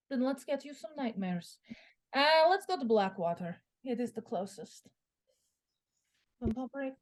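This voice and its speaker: A woman narrating as game master of a tabletop game, casual and quick to laugh. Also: medium pitch.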